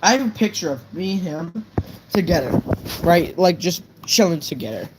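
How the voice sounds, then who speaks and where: A man's voice: on the high side, animated, normal speed, noisy background. A young man casually telling a true story on a live stream, rambling and swearing, with lots of "right?" fillers.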